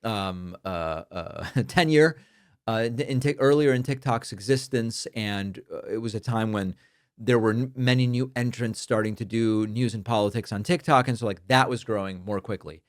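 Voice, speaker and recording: A man's voice: fairly low pitch, moderate pace, no echo. Man hosting a talk podcast, dry sound. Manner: conversational, thinks aloud with fillers and restarts. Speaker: podcast host. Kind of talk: political commentary, reading listener mail.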